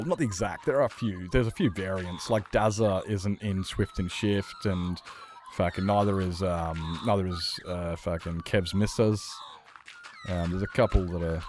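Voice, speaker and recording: An Australian man streaming a game, chatting casually in a rambling, sweary, animated way. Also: fairly low pitch, a little hiss or hum. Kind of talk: casual chat while gaming.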